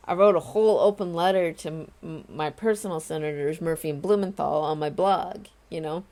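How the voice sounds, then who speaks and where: A woman's voice: sits low, fairly quick, hardly any pauses, a little mellow. A woman in her forties speaking straight to her viewers in a casual vlog, earnest and emphatic as she reassures them. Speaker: vlogger and home confinement advocate. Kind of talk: casual direct-to-camera vlog.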